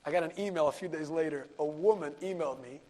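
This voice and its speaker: Rabbi, lively storyteller, somewhat high voice, hushes for the punchline. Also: male voice, fast talker. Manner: animated storyteller, sprinkles Yiddish and Hebrew words, drops to a hush for key moments. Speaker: rabbi and lecturer. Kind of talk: storytelling Torah class.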